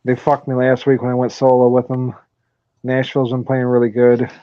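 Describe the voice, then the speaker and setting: Speaking a little fast in a completely flat, medium-pitched voice, a podcast host runs through his weekly sports picks. It's casual, profane chat, and he laughs often while telling stories. The recording is dry, dull and lo-fi.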